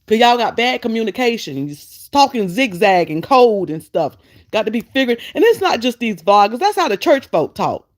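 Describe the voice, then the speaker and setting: A woman's voice: a little high, very animated, moderate pace. A woman hosts a casual live stream, scolding and teasing in a sassy way. Her voice swings widely up and down as she talks. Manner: sassy, fussing, talks straight to chat. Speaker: vlogger host.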